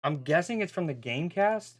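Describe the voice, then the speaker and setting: Hosting a live football watchalong stream, a man talks casually in a slightly high, expressive voice at a somewhat fast pace. He rambles and sounds bemused, often cutting himself off mid-sentence.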